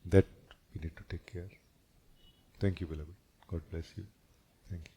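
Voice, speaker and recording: A man, a spiritual teacher, giving a gentle and reflective satsang talk, often closing his sentences with a questioning "no?". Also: deep voice, fairly even intonation, normal speed, a little hiss or hum.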